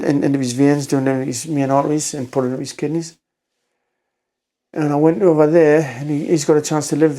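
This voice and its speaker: A middle-aged man from North East England speaks as a podcast guest. He is emotional and near tears, stumbling and repeating himself. His delivery is rough and plain-spoken, with swearing. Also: mid-range voice, dark tone. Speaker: podcast guest, former doorman. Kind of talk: emotional storytelling.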